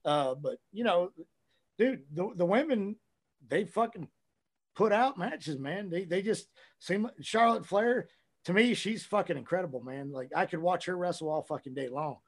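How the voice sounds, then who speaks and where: A man guesting on a podcast, talking casually and profanely in a rambling, animated way. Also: high-pitched, normal speed.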